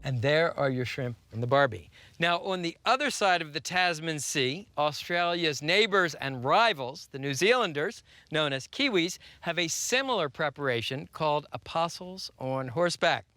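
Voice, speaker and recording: A middle-aged man hosting a TV cooking show, delivering punchy scripted lines and measured step-by-step instructions. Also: fairly high pitch, expressive, bright, forceful tone, no room sound. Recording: broadcast audio with music bed.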